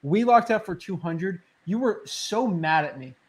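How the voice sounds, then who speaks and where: High-voiced animated man telling stories. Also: unhurried, slightly rough. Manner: animated storyteller, laughs while recounting. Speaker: real estate wholesaler, guest. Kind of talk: casual storytelling chat.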